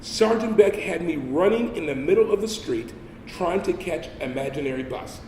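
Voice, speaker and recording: Man preaching with funny stories, kinda high voice, big echoey hall. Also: normal speed, far from the mic, slight background noise. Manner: animated, humorous storytelling. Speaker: guest speaker. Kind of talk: storytelling sermon. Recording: echoey hall with faint ambience.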